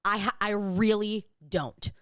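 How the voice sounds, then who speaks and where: A woman's voice: medium pitch, flat delivery, slow pace, a bit bright, smooth, no room sound, studio quality. A young woman co-hosting a podcast, rambling through a story in casual chat and swearing freely. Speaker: podcast co-host.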